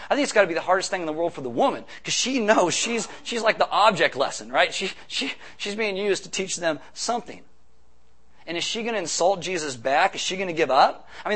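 A man preaching a sermon as pastor, conversational, with quick asides and rhetorical questions. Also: a little high, fairly bright tone.

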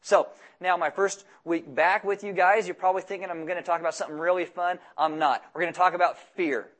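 A pastor delivers a sermon to his own congregation in an easy, chatty way, slipping deadpan jokes in between the scripture he reads. His voice is a bit higher than most men's, and he talks at a quick pace.

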